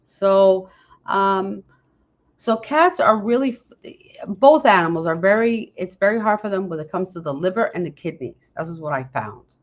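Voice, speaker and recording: A woman's voice: on the low side, dull audio. A woman hosting a casual podcast, talking earnestly to listeners and often breaking off and restarting her sentences. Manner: earnest, speaks straight to listeners with questions. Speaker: podcast host. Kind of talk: casual unscripted podcast talk.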